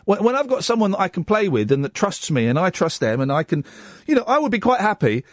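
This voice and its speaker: A man's voice: high-pitched, fast, no echo, studio quality. A man hosting a radio phone-in, chatting casually and restarting his sentences often. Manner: animated, self-deprecating, stammers and restarts. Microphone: studio microphone.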